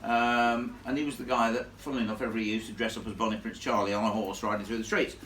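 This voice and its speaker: A man telling a ghost story live to an audience in a chatty, animated way, laughing along with the crowd. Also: fairly low pitch, very fast, slight background noise. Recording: echoey room, from far off.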